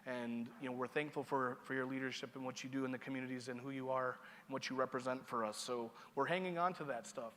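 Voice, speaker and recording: A man's voice: mid-range voice, steady tone, fast, hardly any pauses, fairly bright tone, slight background noise. A man giving conference opening remarks as master of ceremonies, casual and joking, checking in with the audience. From Seneca Nation. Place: large conference hall. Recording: hall reverb.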